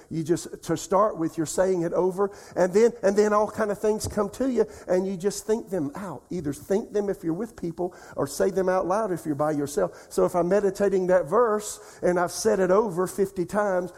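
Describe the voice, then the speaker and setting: An older man preaching a folksy sermon as pastor, dropping soft and slow to repeat scripture. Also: high voice, gravelly, husky.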